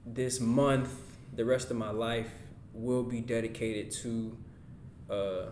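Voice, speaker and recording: A man with a mid-range voice hosts a podcast and wraps up the episode in a heartfelt, plain-spoken way. The room sounds roomy and echoey, with a faint low rumble underneath. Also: flat delivery, takes it slowly, a little mellow. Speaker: podcast host. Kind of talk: casual chat.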